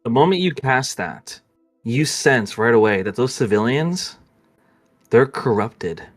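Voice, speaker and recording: Game master, animated delivery, slightly husky, lively tabletop narration. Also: mid-range voice, a little slow, faint music behind.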